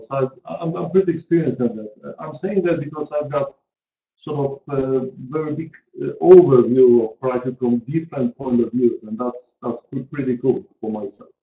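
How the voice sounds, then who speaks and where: A man, presenting a pricing webinar in an earnest, emphatic way and repeating his key points. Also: medium pitch. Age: 40s. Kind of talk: online presentation to an audience. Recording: roomy, dull lo-fi call audio.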